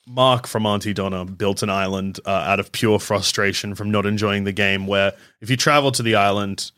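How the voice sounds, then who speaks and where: A man's voice: fairly low pitch, steady tone, normal speed, fairly bright tone, smooth, no echo. Dry-humored man on casual chat.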